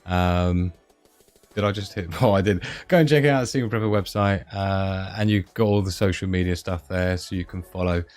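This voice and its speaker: A man hosts a casual live stream, talking in a loose, rambling way and laughing often. His voice sits on the lower side. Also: normal speed, a little mellow.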